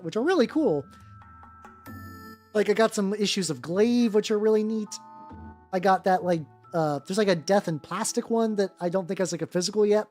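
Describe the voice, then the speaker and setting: A miniature-painting streamer chatting casually and rambling through tangents while painting. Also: mid-range voice. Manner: rambling and animated, full of fillers and tangents. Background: faint background music.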